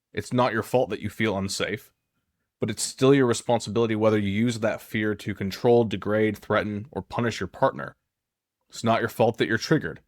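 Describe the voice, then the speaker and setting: Firm, earnest low-voiced male coach. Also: dry recording, studio quality. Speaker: infidelity recovery coach. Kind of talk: direct-to-camera advice talk.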